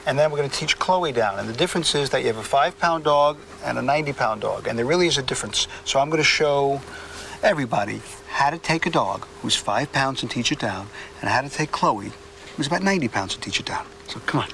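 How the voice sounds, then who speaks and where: A man's voice: mid-range voice, expressive, quick pace, gravelly, fairly bright tone. A man working as a dog trainer, giving firm, clipped instructions during a hands-on demonstration. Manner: firm, coaching, short commands. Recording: distant mic with faint outdoor noise.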